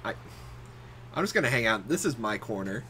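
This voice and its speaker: Bright-voiced joking gamer man. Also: mid-range voice, brisk, slight background noise. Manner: joking, excitable, laughs often. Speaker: gamer streamer. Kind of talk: casual chat while gaming.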